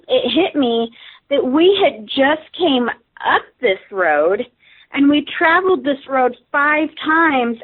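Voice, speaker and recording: A woman, a radio guest, telling a story casually with many fillers and restarts. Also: fairly high pitch. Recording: tinny phone line.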